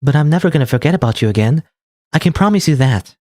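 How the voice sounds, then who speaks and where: A man voicing an earnest, soft-spoken young girl heroine while playing a game, close to his own voice. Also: a little high, animated, fast talker, no echo, natural voice. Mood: tender.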